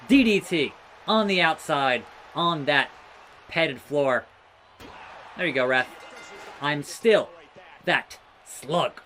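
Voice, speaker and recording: A man doing excitable let's-play commentary over a wrestling video game, talking trash to his opponents. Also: a little high, a little hiss or hum. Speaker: gaming YouTuber.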